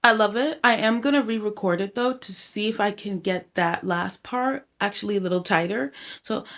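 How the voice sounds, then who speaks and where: A chatty woman with a medium-pitched, fairly bright voice talks to the camera at a moderate pace from her home recording setup. She's a songwriter and home producer, rambling casually through her process and sprinkling in "y'all" and "like." At times she's a little out of breath from singing.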